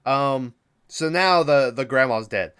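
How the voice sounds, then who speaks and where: A man's voice: medium pitch, unhurried, a bit bright, smooth. A man hosting a podcast, recapping a movie in a casual, rambling, profane way with lots of filler words. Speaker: podcast host.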